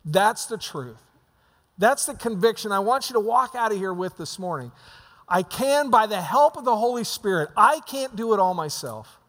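High-voiced pastor preaching in a hall. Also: male voice. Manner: conversational preaching with many restarts. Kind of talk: sermon. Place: church sanctuary.

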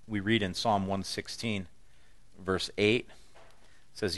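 A man's voice: on the low side, fairly even intonation, slow pace, long pauses, fairly bright tone. A man pastor preaching a conversational, humorous sermon with emphatic stresses.

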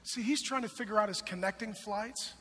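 A man in his forties preaching a sermon, emphatic and swinging from loud calls to hushed storytelling. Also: high-pitched, a little fast, husky, long reverb tail. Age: 40s.

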